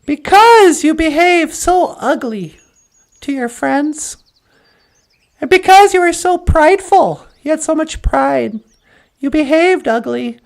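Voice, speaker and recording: A woman's voice: high-pitched, lively intonation, takes it slowly, gravelly, full character voice. A woman voicing a wise creator spirit in a told folk tale, firm and instructive. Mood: stern.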